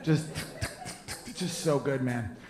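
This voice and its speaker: A man's voice: on the high side, animated, normal speed, roomy sound. A man in his thirties doing a brash, crude stand-up set on a club stage, riffing with the crowd. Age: 30s. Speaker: stand-up comedian.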